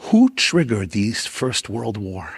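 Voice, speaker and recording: A man's voice: fairly low pitch, sing-song, takes it slowly, vocal fry, slightly rough. A man with a Brooklyn accent delivering a keynote lecture as a rabbi, speaking with dramatic oratory and emphatic repeated lists. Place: large event hall at a dinner.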